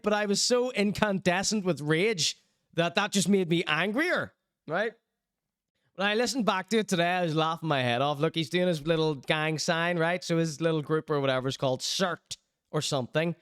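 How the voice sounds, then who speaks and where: A show host with a Northern Irish accent chats casually, telling stories animatedly and slipping into other people's voices. His voice is high-pitched with a clean tone. The studio sound is clean, with no room sound at all.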